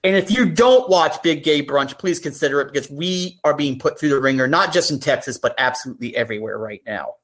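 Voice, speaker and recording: A woman's voice: sits low, lively intonation, a little fast, few pauses. Earnest woman guest on a podcast. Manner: earnest, gets emotional when serious. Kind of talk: casual podcast chat.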